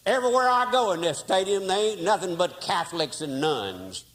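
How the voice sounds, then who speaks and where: A preacher voicing a big, loud male football fan who complains in a high, strained drawl. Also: expressive, normal speed, big-room sound. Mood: griping.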